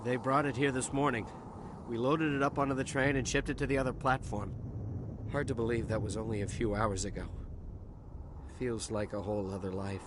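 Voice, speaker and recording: An actor playing a shaken, nervous dock worker in a video game, stammering and defensive, with game audio and steady background noise. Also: male voice, medium pitch, a little fast, natural voice.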